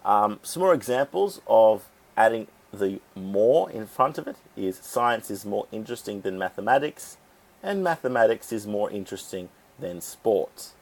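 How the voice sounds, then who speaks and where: A man teaching an English grammar lesson, explaining rules step by step and sounding out syllables deliberately. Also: lowish voice, expressive, vocal fry.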